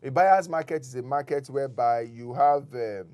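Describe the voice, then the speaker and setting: A man speaks as a real estate guest on a talk show. His pitch sits in an ordinary middle range. He explains patiently, step by step, and leans on examples. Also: moderate pace, darkish tone, smooth.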